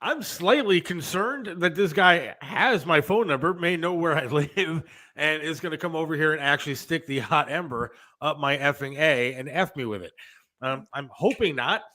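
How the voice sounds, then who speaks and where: A man chatting on a talk show, his voice a touch higher than most. He tells stories in a loose, rambling way, full of "um" and restarts. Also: normal speed, sharp tone, rough recording. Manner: rambling, storytelling with many fillers and restarts. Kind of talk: casual radio-style chat.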